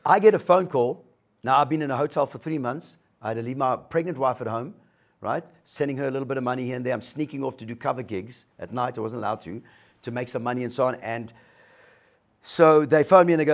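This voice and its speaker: A man's voice: medium pitch, fast talker. A middle-aged man gives a motivational talk to an audience, telling his story and acting out the dialogue. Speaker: guest speaker sharing a recovery story.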